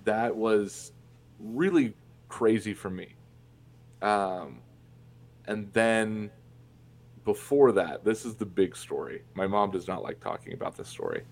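A man from Indiana speaks as a guest in a casual interview, his voice sitting low. He tells stories candidly and profanely, full of fillers and restarts. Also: lively intonation, slow pace, pauses often, darkish tone. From Indiana, USA. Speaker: podcast guest.

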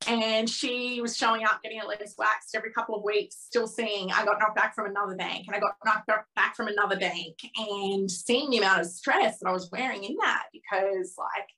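A woman in her thirties, a podcast guest telling a personal story candidly and with feeling, acting out the dialogue in lively voices. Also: medium pitch, brisk, few pauses, poor audio. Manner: candid, emotional, swears freely.

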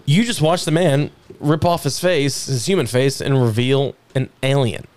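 A man's voice: medium pitch, moderate pace. A man acting as game master, narrating a tabletop game in casual chat with fillers and laughs. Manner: animated, laughing, filler-heavy.

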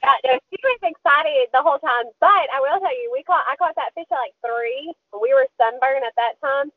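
Young woman podcast guest calling in by phone, bright high voice, animated and giggly. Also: moderate pace, dry recording. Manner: lively, laughs often, squeals when quoting. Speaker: podcast guest, kayak angler. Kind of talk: casual storytelling interview. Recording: tinny phone-line audio.

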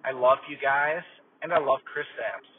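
A man voicing a pompous male celebrity, speaking in a slow, grandiose way. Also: mid-range voice, steady tone, natural voice. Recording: tinny phone-like clip with faint noise.

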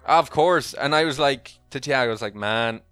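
An Irish man telling a story in casual podcast chat, animated and acting out quoted voices. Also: medium pitch, a little fast, soft background music. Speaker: podcast co-host.

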